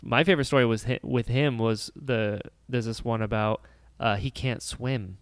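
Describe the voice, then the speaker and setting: A man co-hosting a podcast, telling stories in a relaxed, conversational way. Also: mid-range voice, moderate pace, clear, resonant tone, no room sound. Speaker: podcast co-host. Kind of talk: casual chat.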